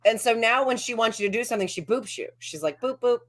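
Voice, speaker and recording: A woman's voice: on the high side, expressive, fast. A woman chatting casually over a video call, telling stories and acting out what others say. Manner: chatty storyteller who acts out quotes. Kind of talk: casual chat.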